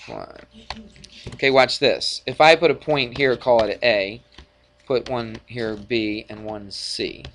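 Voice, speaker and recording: A male math teacher lecturing a class in a classroom, energetic and jokey, often checking in with the students. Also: medium pitch, takes it slowly, a little hiss or hum. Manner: energetic, jokey, asks frequent check-in questions.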